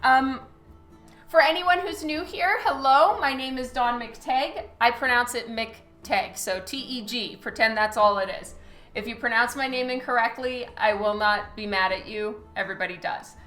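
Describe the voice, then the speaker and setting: A woman comic artist chats through a live drawing stream, thanking viewers by name and filling pauses with ums. Her voice is bright and a little high. The room around her echoes, and soft music plays underneath. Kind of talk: casual live-stream chat while drawing. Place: studio at a light table. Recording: roomy echo with faint music.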